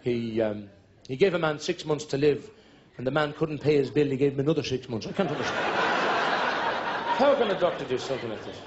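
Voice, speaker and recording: A man's voice: mid-range voice, animated, fairly quick, heavy background noise. A man with a Dublin accent doing live stand-up, telling jokes as stories and breaking into snatches of song. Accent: Irish, Dublin. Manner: jokey storyteller, sings snatches of songs. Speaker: stand-up comedian. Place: stage before a live audience. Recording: dull live recording with music and audience.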